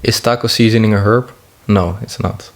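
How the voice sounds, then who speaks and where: A young man narrating a comedic vlog in a jokey, deadpan way, with asides to himself. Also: on the low side, normal speed. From half French. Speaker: YouTuber.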